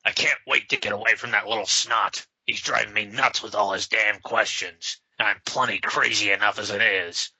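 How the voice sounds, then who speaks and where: A man reading aloud and voicing a gruff, contemptuous grown vigilante with curt, scornful lines. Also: on the low side, steady tone, moderate pace, few pauses, sharp tone, no room sound, exaggerated voice. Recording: slightly dull lo-fi sound.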